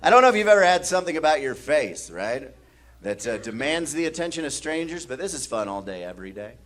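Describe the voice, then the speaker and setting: A man from the American Midwest does a stand-up set at a comedy club, the audience laughing as he animatedly plays the strangers in his stories, mumbling his way through drunk characters. He talks quickly in a slightly high voice.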